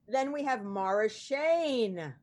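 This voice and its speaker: A woman's voice: on the high side, lively intonation, takes it slowly, darkish tone, a little hiss or hum. A woman hosting and producing a podcast, introducing guests in a chatty, rambling way with lots of ums. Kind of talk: casual chat show introductions.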